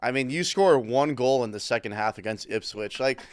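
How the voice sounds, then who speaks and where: A man's voice: mid-range voice, moderate pace, clear, resonant tone, dry recording. An American man with a mid-range voice, co-hosting a casual sports chat. He talks in brash, emphatic bursts and swears freely. The recording is close and dry. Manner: brash, emphatic, profane hot takes. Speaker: podcast co-host.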